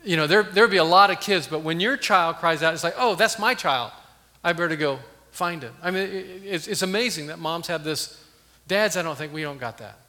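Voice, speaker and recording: A man preaches a sermon with a bright, fairly high voice that carries into a long reverb. He moves between earnest loud emphasis and soft, hushed lines. It sounds like a pastor speaking from the front of a church. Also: a little fast.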